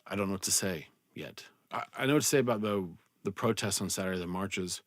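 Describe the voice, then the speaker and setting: A middle-aged man with a lowish voice speaks earnestly to his viewers, pausing and restarting as he searches for words. His voice drops quietly and he sounds close to tears. The recording is dry and close, with no room sound. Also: no room sound. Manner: earnest, halting, restarts and trails off softly. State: tearful, choked up. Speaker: vlogger and speaker. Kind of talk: reflective personal talk to camera.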